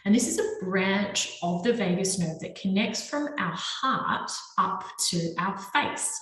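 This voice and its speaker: Woman, educator, explanatory lecture, animated intonation, medium pitch, very echoey room. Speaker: trauma and nervous system educator.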